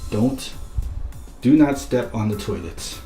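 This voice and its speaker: A man giving a casual vlog tour of a rental house, keeping his voice hushed and low-key so he doesn't wake anyone. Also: lively intonation, slow pace. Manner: hushed, low-key, trying to stay quiet. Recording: roomy indoor sound with background music.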